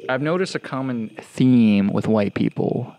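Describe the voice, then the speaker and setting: A man's voice: mid-range voice, expressive, a little slow, warm tone. A young man co-hosting a podcast in casual, blunt chat, swearing often and rambling through his points. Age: young adult. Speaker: podcast co-host.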